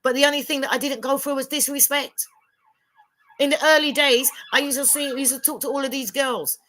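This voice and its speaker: Blunt, bright-voiced woman. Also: sits high, fairly even intonation, brisk, slight background noise. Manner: blunt, emphatic storytelling. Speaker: panel guest. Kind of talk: candid livestream chat.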